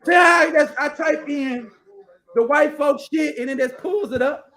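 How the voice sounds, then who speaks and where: A man's voice: very high voice, measured pace, fairly bright tone. A male host giving casual live commentary while browsing, blunt and profane, rambling as he reads figures and definitions aloud from the screen.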